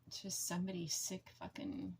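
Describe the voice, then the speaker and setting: A woman in her forties venting to camera in a raw, blunt, heavily profane way, with halting, emotional phrasing. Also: fairly low pitch, darkish tone, a little hiss or hum. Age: 40s. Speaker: vlogger.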